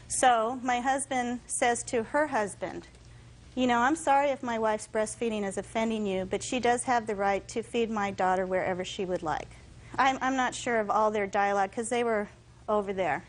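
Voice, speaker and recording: Animated woman telling her side. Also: fairly high pitch, moderate pace, poor audio. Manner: animated storytelling, acts out others' words. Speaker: litigant in court. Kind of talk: courtroom testimony.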